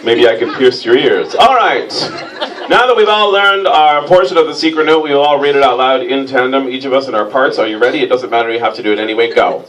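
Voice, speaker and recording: A man hosting a comic stage reading, teasing his volunteers in a dry, mock-pompous deadpan. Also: medium pitch, quick pace. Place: stage before a live audience. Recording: distant mic, loud crowd laughter and noise.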